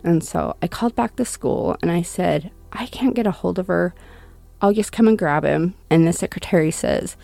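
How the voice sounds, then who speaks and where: Gravelly woman telling a painful story. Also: fairly low pitch, dark tone, no room sound, faint music behind. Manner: halting, restarts often, quotes others in lifted voice. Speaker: interview guest, bereaved mother. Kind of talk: personal account in conversation.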